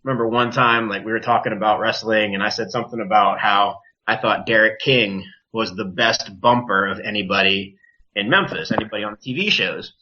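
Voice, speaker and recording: A man with a bright, forceful voice tells a story in a casual, animated way, cursing freely and mimicking others. The podcast audio is dull and lo-fi. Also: on the low side, brisk. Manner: animated, profane, acts out quoted voices. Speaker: wrestler, podcast guest.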